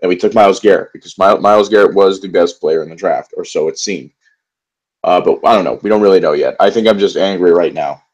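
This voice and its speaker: A man's voice: low voice, quick pace, rough recording. A young man in a solo football recap vlog, frustrated and profane, rambling with many fillers and restarts. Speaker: sports vlogger. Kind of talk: angry solo football rant.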